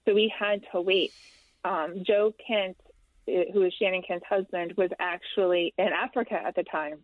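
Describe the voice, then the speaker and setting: A woman in her thirties, a guest in an interview, telling a personal story candidly and haltingly with frequent ums and restarts. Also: fairly low pitch, fairly even intonation, no echo. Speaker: interview guest, military widow. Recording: dry, tinny phone-like line.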